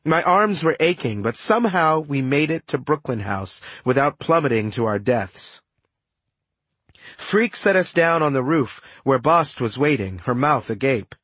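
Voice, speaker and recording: A man narrating a first-person audiobook, telling the story lively with wry asides. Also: medium pitch, unhurried, slightly rough, no echo.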